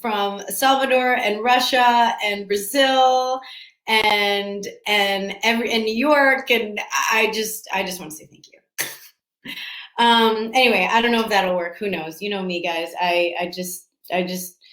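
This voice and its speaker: An actress answering fan questions at a casual virtual panel from home, talking in a chatty, scattered way with lots of restarts and laughs. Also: female voice, mid-range voice, steady tone, measured pace, fairly bright tone. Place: room at home. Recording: echoey room.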